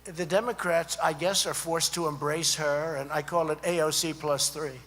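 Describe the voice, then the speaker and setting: A man's voice: on the high side, steady tone, normal speed, a bit bright. A man giving an off-the-cuff speech at a student conference, rambling and repetitive with many asides to the crowd. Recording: echoey hall with faint hum.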